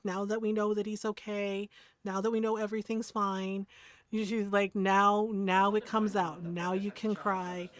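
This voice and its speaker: A woman's voice: medium pitch, dry recording. Chatty woman streamer telling a story. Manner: chatty, rambling, keeps asking "right?", laughs often. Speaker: game streamer. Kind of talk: casual storytelling to a live chat.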